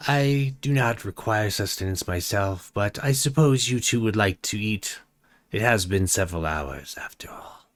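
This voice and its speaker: A man voicing a cold, raspy undead male half-dragon who speaks slowly. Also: fairly low pitch, natural voice. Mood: eerie.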